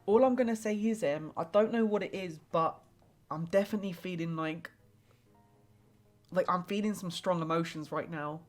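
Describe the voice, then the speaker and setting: A woman's voice: on the low side, normal speed, soft background music. Rambling young woman reading tarot. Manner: rambling and hesitant, full of 'like' fillers. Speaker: tarot reader and streamer. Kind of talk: live-streamed tarot reading, casual chat.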